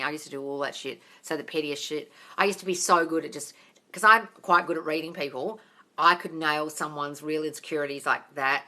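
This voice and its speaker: Blunt, bright-voiced woman coaching on a livestream. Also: sits low. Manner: blunt and profane, calls viewers darling. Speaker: manifesting coach answering viewer questions. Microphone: phone.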